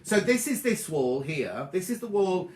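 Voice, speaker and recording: The sewing show host's voice sits high and slightly throaty, very animated yet measured in pace, with reverberation and background noise around it. He's broadcasting casually from his bedroom at home, chatting away and replying to viewers by name.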